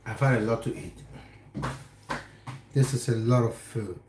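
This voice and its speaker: A young Cameroonian man hosts a casual livestream from his home kitchen, reading viewers' comments and teasing them by name. His voice is mid-range and his pace measured. The kitchen sounds echoey, with background noise.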